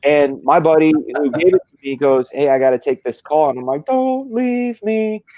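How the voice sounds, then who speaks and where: A man's voice: mid-range voice, steady tone, a little fast, darkish tone, no room sound, dull audio. Man, stream host, rambling storyteller, salty language, dead-dry sound. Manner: rambling storyteller, swears freely, many restarts. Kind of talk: casual live-stream chat.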